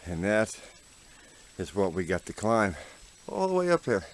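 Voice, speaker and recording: A man's voice: lowish voice, sing-song, measured pace, slight background noise. A man filming himself on a forest hiking trail, chatting folksy and casual to viewers while out of breath from the climb. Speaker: hiking vlogger. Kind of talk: casual outdoor vlog narration.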